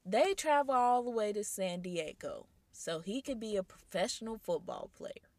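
In a mid-range voice at a normal pace, a woman offers animated, casual commentary straight to her audience. She fires off rhetorical questions and incredulous asides, with no echo on the recording.

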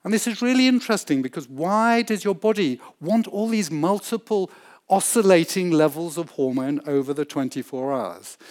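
A man's voice: fairly high pitch, a little mellow. A man who does medical research, giving an enthusiastic public science lecture and acting out the voices in his own examples. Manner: enthusiastic explainer, acts out quoted voices.

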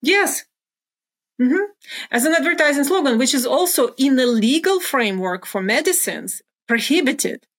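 A woman's voice: high-pitched, animated, normal speed, a bit bright. Earnest middle-aged woman explaining methodically. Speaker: guest, former pharmaceutical research executive. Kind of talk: explanatory interview talk.

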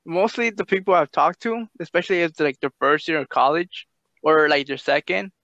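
A man chatting casually with friends in a relaxed, rambling, slangy way, with plenty of filler words. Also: fairly high pitch, brisk, no room sound, lo-fi sound. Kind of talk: casual chat.

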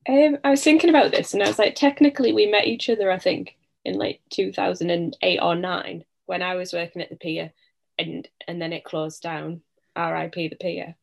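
A woman's voice: fairly low pitch, steady tone, brisk, creaky. A woman from northern England, a guest on a podcast, chatting in an easygoing way and laughing often. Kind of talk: casual chat.

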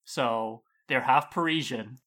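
A man co-hosting a podcast, chatting casually and throwing in quick jokes. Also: mid-range voice, bright, forceful tone. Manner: joking, quick quips. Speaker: podcast co-host. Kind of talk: casual chat.

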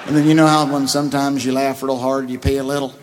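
A man who is a comedian guest, telling a long anecdote in a profane, laughing, animated way. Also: medium pitch, fast, background noise. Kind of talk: storytelling anecdote.

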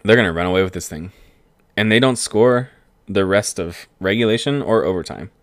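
A young man talking casually about sports, rambling and excitable and laughing at his own remarks. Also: on the low side, a little fast, no room sound, clean studio sound. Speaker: vlogger. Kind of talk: casual sports commentary monologue.

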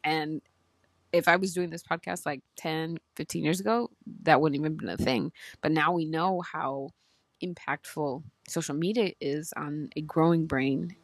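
A woman podcast host talks earnestly and emotionally, circling back and restarting her thoughts. Her voice sits a little low, and the recording is close and dry. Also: fairly even intonation, moderate pace, vocal fry, no room sound. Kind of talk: heartfelt casual talk.

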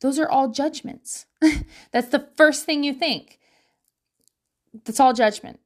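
Speaking slowly in a high voice, this mother chats with her viewers from home about raising kids. Her advice is frank and laced with swearing, and she breaks into laughter again and again.

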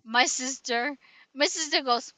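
Bright-voiced woman telling a rambling story. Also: high-pitched, a little slow, dry recording. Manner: rambling storyteller, many restarts and "right?". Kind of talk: casual chat.

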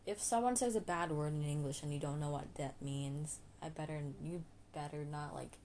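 Low-voiced woman chatting casually, rambling. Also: a little mellow, a little hiss or hum. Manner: rambling, giggly, self-interrupting; playful, drawn-out name demonstrations. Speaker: podcast host giving English tips. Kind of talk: casual solo chat.

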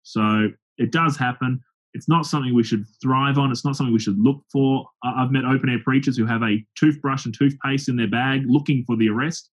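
A man's voice: medium pitch, brisk. A man, a pastor and open-air preacher, telling stories in an interview, acting out the people he quotes. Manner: lively anecdotal storytelling with acted-out quotes. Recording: dull lo-fi sound.

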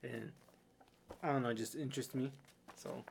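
A young man co-hosting a podcast in a middle-pitched voice. He talks earnestly and teases his friend in easy banter. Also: steady tone, moderate pace, vocal fry, a little hiss or hum. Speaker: podcast co-host. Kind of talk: casual chat.

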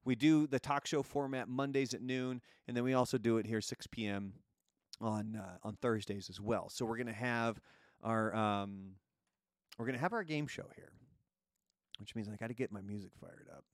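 A man hosting a casual live-streamed talk show, chatty and jokey, with an energetic quiz-host delivery. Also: medium pitch, moderate pace, dry recording.

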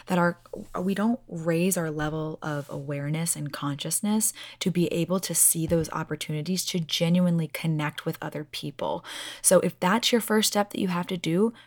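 A woman with a low voice speaks directly to her viewers in a casual, heartfelt way. She is earnest and circles back on her own phrases. Her voice sounds dry and close, with no room around it. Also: no room sound. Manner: earnest, repeats "like I said".

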